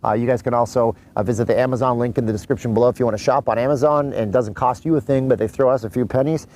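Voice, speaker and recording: A man's voice: mid-range voice, fairly even intonation, very fast, darkish tone, a little hiss or hum, rough recording. A man born in Canada, vlogging in a chatty, rambling way with asides to his viewers, a mask on as he talks. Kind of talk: casual vlog commentary. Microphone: mask on while talking.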